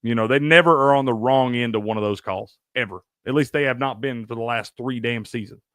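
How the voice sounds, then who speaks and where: A man from Tennessee hosting a live sports stream answers chat with heated, profanity-laced ranting. His voice sits mid-range with a fairly bright tone and a fairly quick pace, recorded dry at studio quality.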